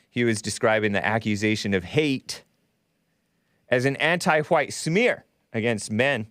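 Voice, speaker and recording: A man's voice: medium pitch, clear, resonant tone, no echo, studio quality. A middle-aged man hosting a talk show, rambling sardonically and laughing at his own jokes. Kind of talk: solo political talk show monologue.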